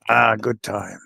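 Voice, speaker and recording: An older man, a former wrestler, telling lively anecdotes as a podcast co-host and jumping into high voices to quote people. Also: creaky, breathy edge, no room sound, clean studio sound. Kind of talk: casual storytelling chat.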